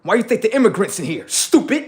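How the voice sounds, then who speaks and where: Hosting a livestream, a man launches into a confrontational, profane political rant that taunts his audience. His slightly rough voice sits high and comes out fast and very animated.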